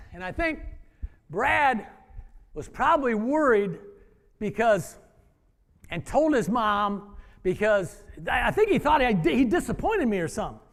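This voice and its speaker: A former wrestling coach telling a story to an audience, acting out the dialogue in an animated way. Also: male voice, very high voice, unhurried, gravelly, pauses often. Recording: hall reverb.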